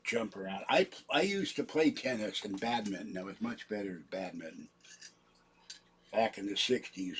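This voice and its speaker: A man's voice: fairly low pitch, expressive, moderate pace, a bit bright, a little hiss or hum. An older man rambling in a casual livestream from his home computer, wandering between stories with a self-mocking manner. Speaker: livestream host.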